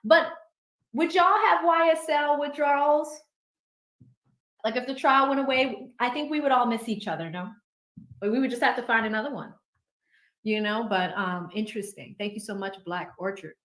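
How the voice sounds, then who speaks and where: A woman's voice: a little high, fairly bright tone. A woman hosting a livestream in a casual, chatty and upbeat manner, reading out viewer super chats. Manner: chatty, upbeat, quick asides. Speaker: livestream host. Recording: echoey room.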